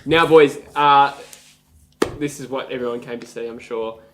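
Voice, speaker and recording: A man's voice: mid-range voice, moderate pace, fairly bright tone, slight background noise. Casual Australian man hosting a footy podcast. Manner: runs the segment, loose with fillers. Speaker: podcast host. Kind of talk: casual sports chat. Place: room, on camera.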